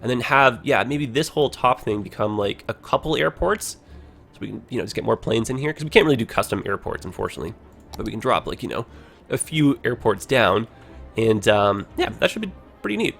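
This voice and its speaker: A man's voice: mid-range voice, animated, brisk, vocal fry, a bit bright, soft background music. A man with a Toronto Canadian accent, chatting casually over his gameplay as a livestreamer and filling his talk with "like" and "you know".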